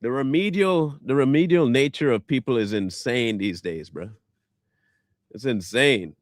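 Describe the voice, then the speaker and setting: A man's voice: medium pitch, measured pace, no room sound. A man ranting back at viewer comments in a combative, sarcastic, insulting way. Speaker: online commentator.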